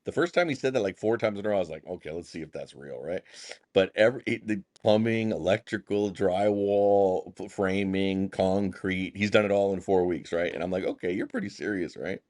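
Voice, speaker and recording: A man, a contractor and pastor, telling stories casually as a podcast guest, acting out the dialogue in animated bursts with folksy phrasing. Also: low-pitched, a little fast, dry recording, studio quality. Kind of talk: casual storytelling interview.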